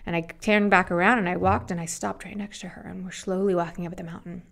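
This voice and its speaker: A middle-aged woman, an interview guest, telling her story with animated, acted-out quotes. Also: lowish voice, fast, creaky. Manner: animated, acts out quoted voices.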